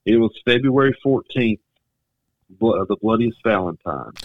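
A man's voice: on the low side, lively intonation, normal speed, no room sound, narrow, tinny audio. A man hosting a casual chat, speaking bluntly and with emphasis. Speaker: podcast host, former promoter.

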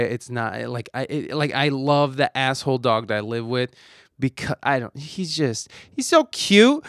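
A man's voice: mid-range voice, dry recording, clean studio sound. A young man hosting a podcast, talking in a rambling, profane, self-deprecating way. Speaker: podcast host. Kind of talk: casual solo chat.

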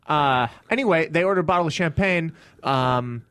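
A man, a stand-up comic, telling a story in casual podcast chat and acting out the people in it with sudden high shouts. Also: moderate pace, clean tone, dry recording.

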